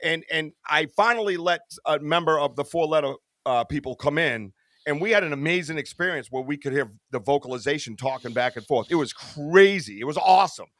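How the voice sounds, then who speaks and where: A man's voice: a little high, fairly quick, fairly bright tone, dry recording. Earnest rambling man, dry close mic. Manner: rambling, earnest, swearing, calls people bro and dude. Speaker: podcast guest, Bigfoot researcher. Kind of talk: casual podcast chat.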